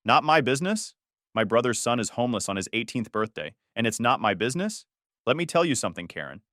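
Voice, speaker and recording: A man's voice: mid-range voice, quick pace, no room sound, studio quality. A man voicing a firm, protective uncle who works as a construction foreman. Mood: cold anger. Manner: firm, cold and calm.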